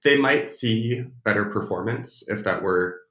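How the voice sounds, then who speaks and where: A man's voice: on the low side, measured pace, pushed and bright. An American man being interviewed as an expert, speaking thoughtfully with hesitations and restarts. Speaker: podcast guest, speech technology expert. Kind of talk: casual interview talk. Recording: roomy echo.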